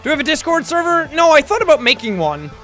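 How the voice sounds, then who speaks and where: A man hosting a casual livestream, chatting in a jokey, excitable way, with bursts of shouting and laughter. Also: very high-pitched, quick pace. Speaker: livestream host. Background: faint background music.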